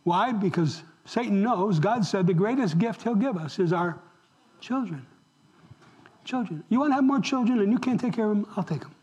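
A man's voice: sits high, brisk, few pauses, poor audio. A man preaching a sermon, talking straight to the congregation and asking them questions. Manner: animated, asks the congregation questions. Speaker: pastor.

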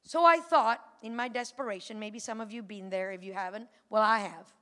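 A woman giving a personal testimony to a church congregation, moving from a quiet retelling to fervent calls. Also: medium pitch, a little fast. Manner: builds from quiet storytelling to fervent shouting. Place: church sanctuary. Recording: long church hall reverb.

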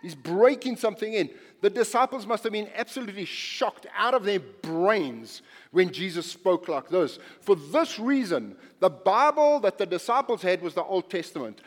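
A male pastor preaching a sermon, animated and emphatic, repeating phrases and swinging from quiet to loud. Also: high voice, normal speed, few pauses, long reverb tail.

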